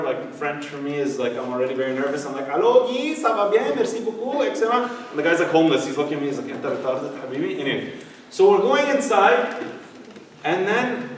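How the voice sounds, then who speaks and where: A man's voice: a little high, slight background noise. Man preaching in an echoey hall. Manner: storytelling, rising to emphatic preaching. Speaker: youth speaker. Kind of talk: youth sermon. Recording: echoey hall, heard from far off.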